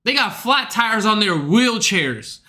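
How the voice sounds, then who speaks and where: Young guy ranting on stream, swears a lot, high bright voice. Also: sing-song, takes it slowly. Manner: profane, ranting, slangy. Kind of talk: livestream rant.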